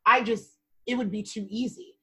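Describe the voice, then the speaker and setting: A woman's voice: on the high side, steady tone, moderate pace, sharp tone, breathy edge, poor audio. A woman co-hosting a casual podcast chat, telling candid stories and laughing often. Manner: candid, laughs a lot, storytelling.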